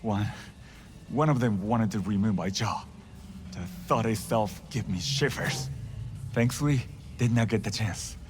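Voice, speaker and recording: An actor playing a gentle, pious monk who speaks formally and gravely, without contractions, in game dialogue. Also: male voice, on the low side, a little slow, long pauses, background noise, lightly acted. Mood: solemn. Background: music.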